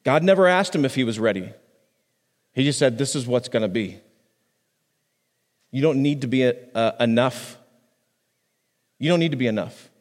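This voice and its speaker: A man, a pastor, preaching a sermon on a microphone in a conversational way, restarting phrases and swinging his pitch up and down for emphasis. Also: animated, normal speed, long pauses, long reverb tail. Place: church sanctuary.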